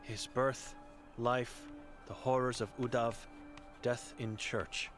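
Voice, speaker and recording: A man's voice: mid-range voice, little pitch movement, a bit bright, soft background music. A man reading for a cryptic old blind woman. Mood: grim. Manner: terse broken phrases, read slowly from chalk.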